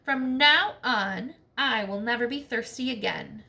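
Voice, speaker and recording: A woman's voice: fairly high pitch, a little slow, vocal fry, full character voice. A woman voicing an eager, nosy storybook armadillo. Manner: excited, eager. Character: nosy male armadillo who tells tales.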